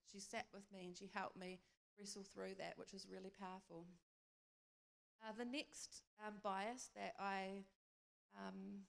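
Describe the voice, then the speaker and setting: Woman telling a story in a reverberant hall. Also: vocal fry. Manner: storytelling, acts out dialogue in a higher voice. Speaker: speaker sharing a testimony. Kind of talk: conversational church talk. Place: church hall.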